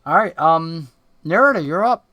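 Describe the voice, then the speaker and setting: A man's voice: on the high side, animated, moderate pace, sharp tone, no echo. A man narrating as dungeon master in a tabletop game, describing scenes in a casual way with many fillers.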